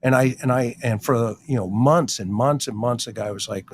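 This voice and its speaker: A man's voice: mid-range voice, moderate pace, a little hiss or hum. A middle-aged man, a former detective, telling blunt, wry stories in casual chat and acting out the quotes. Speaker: retired detective guest.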